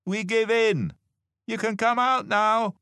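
A man's voice: fairly high pitch, big pitch swings, a little slow, dry recording, clean studio sound, voice pushed up. Man doing a lifted, friendly elephant voice, patient and cheerful, storybook. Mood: calling. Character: Elmer, kind patchwork male elephant. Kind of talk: storybook reading.

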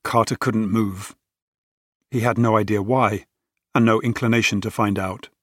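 Male audiobook narrator, low-pitched, measured and dramatic, dry booth sound. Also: steady tone, no room sound.

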